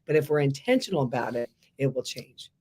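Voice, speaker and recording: A woman's voice: a bass voice, big pitch swings, fairly quick, a little mellow, husky. A woman co-hosting a casual Christian talk stream, speaking earnestly and addressing viewers directly with encouragement.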